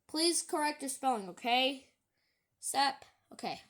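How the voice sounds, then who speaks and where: A woman talking casually in a video, reading out online comments and scoffing at them in halting, rambling sentences. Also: a little high, expressive, a bit bright. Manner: halting, rambling, with many restarts. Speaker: YouTuber.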